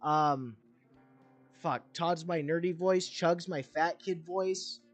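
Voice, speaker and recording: A young man chatting through a game stream in a rambling, candid way, full of fillers. His voice sits slightly high, and soft music plays faintly behind him. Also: slow pace. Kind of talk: casual gameplay commentary.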